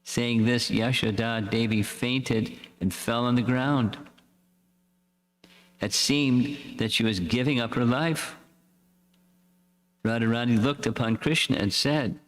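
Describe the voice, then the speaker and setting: A man reading a devotional story aloud in a slow, measured way, as a swami. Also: on the low side. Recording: echoey hall reverb.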